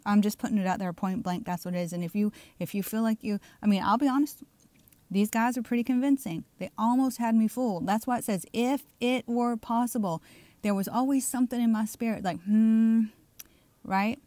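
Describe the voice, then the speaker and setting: A fired-up middle-aged woman with a Southern drawl delivers an insistent online sermon, leaning on her points and checking in with the listener again and again. Her voice is mellow and low in brightness, recorded close and dry with almost no room sound. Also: fast, no echo. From Southern United States. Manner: emphatic, keeps asking "okay?". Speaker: online preacher. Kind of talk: fiery religious commentary video.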